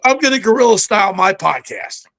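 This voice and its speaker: Self-assured man with a gravelly voice. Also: high voice, sing-song, sharp tone. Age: older. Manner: brisk, storytelling, self-assured. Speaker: guest. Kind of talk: casual podcast chat. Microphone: home setup with a backdrop.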